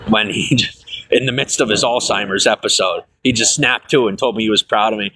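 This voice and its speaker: A man in his thirties telling his life story casually to a livestream audience, rambling with fillers and self-corrections, laughing things off and jumping up in pitch when excited. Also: fairly quick, husky.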